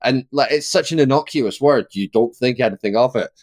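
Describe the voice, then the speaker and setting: A man co-hosting a podcast in casual chat, animated and laughing often as he acts out quoted lines. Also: medium pitch, fairly quick, dry recording, studio quality. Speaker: podcast co-host.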